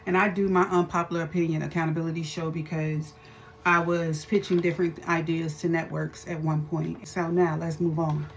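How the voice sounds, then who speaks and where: A woman's voice: sits low, level tone, moderate pace, dull audio, slight background noise. A woman hosting a faith-based commentary vlog, talking to her viewers in a fervent, preacher-like way. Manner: addresses viewers as y'all. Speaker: host.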